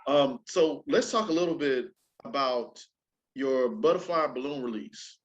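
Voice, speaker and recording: Man, interview host, relaxed, affirming, mid-pitched voice, slightly muffled recording. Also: a little hiss or hum. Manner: relaxed, affirming, quick to agree. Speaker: show host. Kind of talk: casual interview chat.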